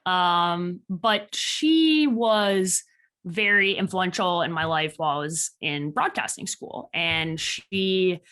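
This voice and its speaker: A woman in her thirties from Chicago with a slight Chicago accent, a guest telling stories in a casual interview with animated delivery. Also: fairly low pitch, slow pace, smooth. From Chicago, USA. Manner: animated, quotes people in lively voices. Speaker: podcast guest.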